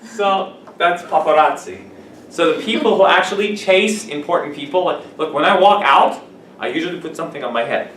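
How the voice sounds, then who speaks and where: A man teaching English vocabulary to a class, animated and playful, acting out examples. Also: a little high, a little fast. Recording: echoey room from far off, faint noise.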